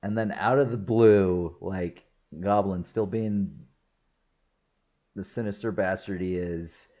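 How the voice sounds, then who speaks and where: Male film reviewer, deep slow delivery, casual enthusiastic rambling. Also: fairly even intonation, mellow, highs cut off. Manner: rambling, enthusiastic, frequent fillers and laughs. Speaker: movie reviewer.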